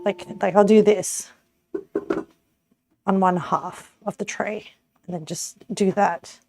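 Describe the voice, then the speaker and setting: Giggly Australian woman streamer, unhurried. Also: mid-range voice, steady tone, dark tone. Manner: giggly, rambling, self-correcting. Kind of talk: casual livestream chat while cooking.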